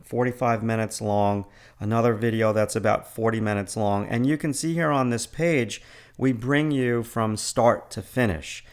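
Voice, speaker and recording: A man's voice: medium pitch, clear, resonant tone. A middle-aged man with a New York accent, an art instructor casually walking through his online lessons, enthusiastic and full of fillers and repeated words. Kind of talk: casual screencast walkthrough.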